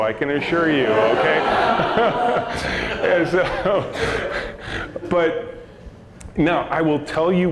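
A middle-aged man, a company CEO, giving a storytelling talk to students and acting out the voices in his anecdotes. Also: a little high. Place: lecture hall with audience. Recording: long hall reverb, faint noise.

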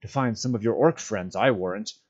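A man's voice: fairly low pitch, fairly quick, a little mellow, natural voice. Sam, a man doing a growling angry hobbit. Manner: growling, scornful. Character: angry loyal male hobbit, gruff and scolding. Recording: dull lo-fi recording.

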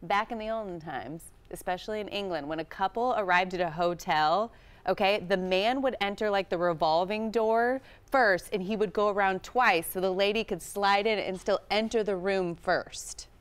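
A woman's voice: mid-range voice, normal speed, smooth. A woman guest on a TV talk show, chatting casually and laughing often as she shares dating tips. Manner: giggly, chatty. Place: TV studio.

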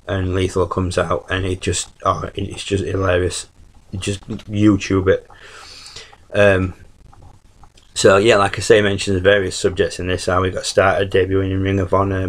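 A man's voice: sits low, poor audio. A man from the UK giving a casual spoken review, rambling with lots of ums and restarts. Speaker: YouTube reviewer.

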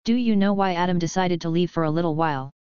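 A woman voicing a thoughtful, hesitant man who speaks in a measured way, in a dry, dull lo-fi recording. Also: fairly low pitch, darkish tone, clean tone, no echo, close to an everyday voice.

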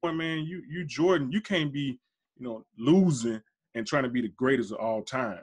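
A man's voice: mid-range voice, normal speed, slightly rough. A man hosting a podcast, arguing basketball in casual slangy talk, emphatic and insistent, his voice shooting up when he presses a point. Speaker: podcast host. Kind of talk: casual sports debate.

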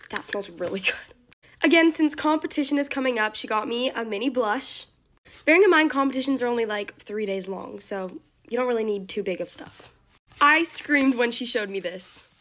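A woman's voice: high-pitched, a bit bright. A teenage girl unboxing a makeup haul, gushing and bubbly, with gasps and lots of "like". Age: teens. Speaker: beauty haul vlogger. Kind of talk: excited unboxing chat.

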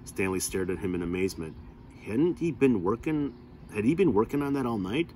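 A man reading a novel aloud in a steady, plain narrating voice. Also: lowish voice, a little fast, a little hiss or hum. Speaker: reader.

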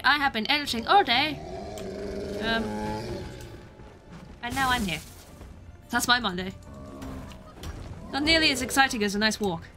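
A British woman streaming a video game, chatting playfully with viewers and cheering herself on through fights. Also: high voice. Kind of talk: casual gameplay commentary.

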